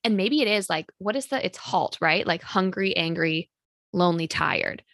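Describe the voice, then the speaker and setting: Woman podcast host, casual and chatty, lowish pitch, dry close sound. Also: moderate pace, gravelly, fairly bright tone, dry recording. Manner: chatty, practical, frequent "like" fillers. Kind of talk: casual chat.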